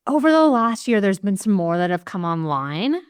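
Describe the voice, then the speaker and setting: A woman hosting a podcast, telling stories in a candid, animated way and swearing casually. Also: mid-range voice, moderate pace, clean tone. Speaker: podcast host. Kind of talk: casual conversational interview.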